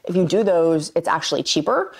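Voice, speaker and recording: A woman with a low-pitched voice talks to her viewers in a casual vlog. She speaks candidly, drifting between tangents and restarting her sentences. She is recorded on a camera or phone microphone. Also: expressive, a little fast, vocal fry, slightly rough. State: tearful, getting emotional. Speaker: vlogger.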